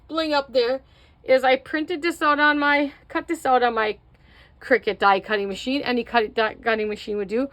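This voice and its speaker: Middle-aged woman, fairly high voice, casual craft tutorial host, chatty and self-mocking. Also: fairly even intonation, normal speed, a bit bright. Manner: chatty, self-mocking, talks to viewers while working.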